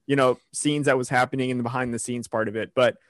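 A man's voice: mid-range voice, fairly even intonation, fast, a bit bright, no echo, clean studio sound. A man chatting casually on a podcast, telling rambling stories with lots of fillers. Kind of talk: casual chat.

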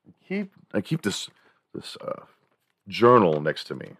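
A man with an extremely deep voice spins a casual, animated story and acts out sounds as he talks. The recording is dry and close, with no room echo. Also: a little slow, breathy edge. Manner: animated, mimics sounds and voices, chuckles while telling stories. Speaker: podcast host.

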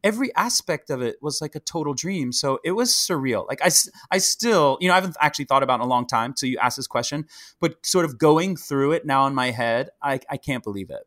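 A middle-aged man and Broadway actor, talking as a podcast guest in a chatty, animated way, full of fillers and restarts. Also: on the high side, fast. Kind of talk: casual interview chat.

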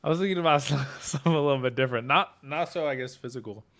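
A man's voice: mid-range voice, fast, fairly bright tone. A young man co-hosting a podcast in easygoing casual chat. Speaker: podcast co-host.

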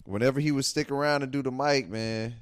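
A man's voice: medium pitch, brisk, smooth, no echo, clean studio sound. A man, a comedian who hosts an open mic, talking in a laid-back, rambling way and laughing a lot. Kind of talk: casual chat.

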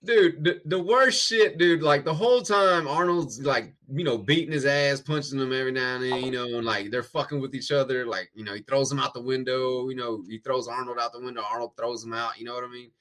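A man's voice: mid-range voice, steady tone, fairly quick, few pauses, a bit bright. A man in casual, slangy, profane movie chat, often laughing.

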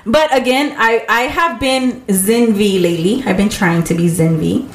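In a reverberant space, a woman co-hosting a podcast tells a casual story at a moderate pace. She's an animated storyteller who voices the characters' quotes in a raised, higher voice.

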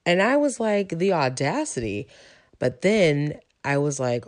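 A woman's voice: low voice, very animated, measured pace. A woman in her forties sharing a personal testimony about her faith and mindset in a reflective, conversational way, with frequent ums. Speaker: teacher sharing a personal story.

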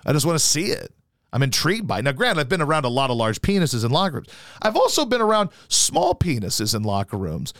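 A man's voice: huge pitch swings, fast, fairly bright tone, dry recording. A man hosting a sports talk radio show, crude and jokey, chatting casually at a studio mic. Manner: crude, jokey, breaks into mocking high-pitched impressions.

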